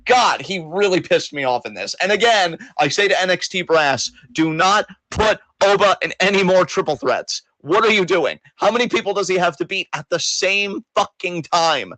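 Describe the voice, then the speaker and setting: A man rants about wrestling with mock outrage and heavy swearing, his voice a little higher than most. He talks into a close mic in a dry, dead room. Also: animated, moderate pace, hardly any pauses, bright, forceful tone, no room sound, poor audio. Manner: exasperated, sarcastic, swears a lot. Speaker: wrestling podcast co-host. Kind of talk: casual profane wrestling rant.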